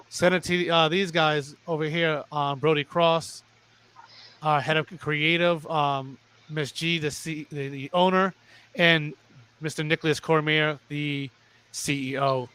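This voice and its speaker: A young man doing excited play-by-play wrestling commentary, often restarting mid-sentence. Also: on the high side, clear, resonant tone. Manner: rapid, stumbling restarts, plugs sponsors.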